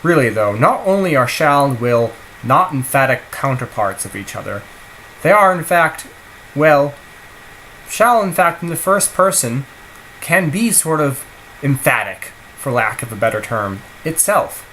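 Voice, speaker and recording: Animated man teaching a language lesson. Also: mid-range voice, measured pace, a little hiss or hum, low-quality recording. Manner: animated, emphatic, acts out example sentences. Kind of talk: explanatory video lesson.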